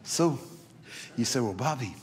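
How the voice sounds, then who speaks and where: A man preaching to a congregation, spinning folksy stories in his middle-pitched voice. He repeats himself as he goes and keeps climbing into loud, excited exclamations. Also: measured pace, a little hiss or hum. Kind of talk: sermon with storytelling. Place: church.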